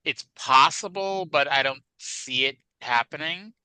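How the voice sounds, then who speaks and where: Bright, dry-voiced podcast co-host. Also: male voice, a little high, measured pace, clear, resonant tone, no echo, poor audio. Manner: chatty, wry, hedging asides. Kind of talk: casual chat.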